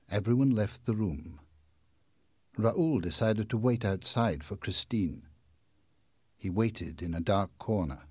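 A man narrating a simple story with slow, deliberate, expressive delivery and a husky voice. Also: fairly low pitch, dry recording, clean studio sound. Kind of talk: scripted narration of a graded reader.

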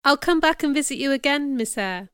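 A woman reading a lively young girl. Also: high voice, fairly quick, no room sound, studio quality, voice pushed up. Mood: friendly. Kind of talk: audiobook character reading.

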